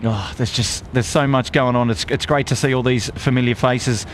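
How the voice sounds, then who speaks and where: A man with an Australian accent hosting a live stream outdoors, reading out viewer shout-outs in a friendly, upbeat way. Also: medium pitch, fairly even intonation, moderate pace, a little hiss or hum. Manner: upbeat, friendly, lots of "g'day, mate". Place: outdoors at an airport plane spotting spot.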